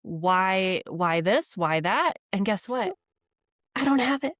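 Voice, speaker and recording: Woman co-host, mid-pitched voice, lively and laughing, casual chat, dry sound. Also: takes it slowly, no room sound. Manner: laughs often, lively and expressive.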